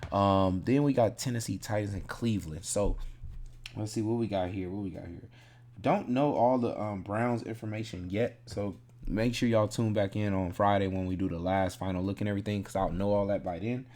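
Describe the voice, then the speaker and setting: A man's voice: on the low side, fairly quick, a little mellow. A man casually breaking down fantasy football picks, thinking aloud in a laid-back, rambling way and correcting himself as he goes.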